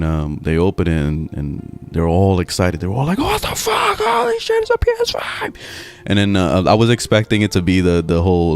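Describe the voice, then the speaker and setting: A man's voice: sits low, darkish tone, smooth. A young man chatting casually over gameplay at home, rambling and swearing freely. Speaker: gaming streamer. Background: faint game music.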